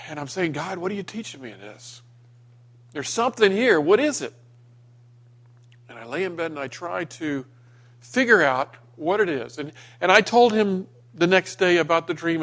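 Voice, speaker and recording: Middle-aged pastor preaching, emotional storyteller. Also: male voice, fairly bright tone. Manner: storytelling, emotional, rising in pitch when voicing himself in the dream. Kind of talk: sermon.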